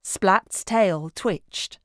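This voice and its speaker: A woman reading a children's picture book aloud in a clear, expressive way. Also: medium pitch, drawn-out words, no room sound, clean studio sound. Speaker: storyteller.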